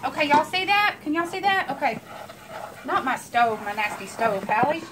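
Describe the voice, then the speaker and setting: A woman's voice: sits high, big pitch swings, moderate pace, background noise. A woman hosting a home cooking video, chatting and teasing her viewers as she cooks in her kitchen. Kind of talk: casual cooking chat.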